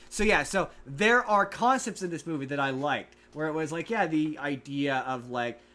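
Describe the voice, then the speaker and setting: A man's voice: on the high side, moderate pace, few pauses, pushed and bright. A man hosting a casual podcast, animatedly retelling a story and acting out the characters' lines. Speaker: podcast host.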